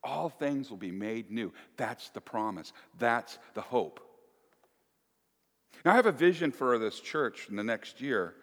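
A male pastor giving a folksy, animated sermon with playful asides to the congregation. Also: medium pitch, measured pace. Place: church. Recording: echoey church hall.

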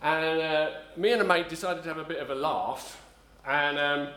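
A man's voice: on the high side, steady tone, normal speed, pushed and bright, slight background noise. Man preaching in an echoey church. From south-east London. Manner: rambling, self-correcting storyteller, frequent ums. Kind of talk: sermon with a personal story.

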